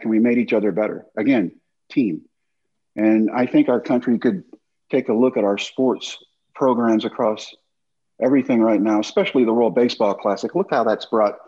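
A husky, mellow-toned man in his fifties spins animated stories as a guest, acting out what others said to him. His voice has a soft, relaxed warmth with a grainy edge. It comes through slightly dull video-call audio. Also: mid-range voice. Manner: animated anecdotes with acted-out quotes. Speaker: guest, former baseball pitcher. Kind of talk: storytelling in casual chat.

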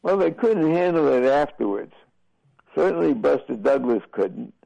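Older male broadcaster in an interview, deep gravelly rasp, unhurried and halting, on a dull lo-fi recording. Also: lively intonation, warm tone, no echo. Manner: slow, halting storytelling with many fillers. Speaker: boxing broadcaster. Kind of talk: reflective interview answers.

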